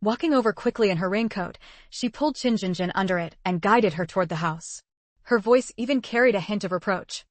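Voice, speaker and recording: Female narrator, steady story reading, mid pitch, dry booth sound. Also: a little fast, no echo.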